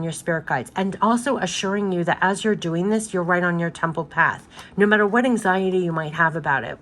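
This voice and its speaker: A woman's voice: fairly low pitch, a little hiss or hum. A woman giving a spiritual card reading, talking in a loose, rambling way and repeating reassurances emphatically. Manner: loose and rambling with many restarts. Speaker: tarot card reader.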